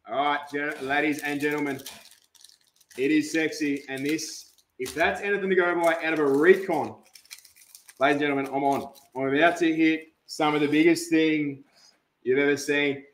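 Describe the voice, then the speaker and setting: A young man giving hyped, swearing commentary while opening trading card packs, shouting at big pulls. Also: a little high, steady tone, moderate pace. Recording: roomy echo.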